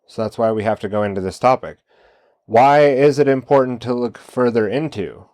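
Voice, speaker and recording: A man's voice: medium pitch, moderate pace, a little mellow, dry recording. A man hosting a solo commentary show, talking casually and posing one rhetorical question after another. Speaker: podcast host.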